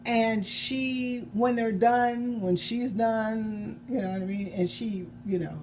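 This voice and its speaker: A woman's voice: a little high, slow pace, darkish tone, a little hiss or hum. Rambling woman chatting about her novel. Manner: rambling, self-correcting, chuckling. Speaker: novelist vlogger. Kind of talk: casual chat about her own novel.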